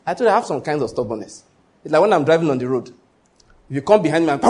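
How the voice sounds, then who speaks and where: A man's voice: a little high, expressive, fast talker, darkish tone. A man preaching a sermon, emphatic and storytelling, with repetition and call-and-response. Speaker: pastor.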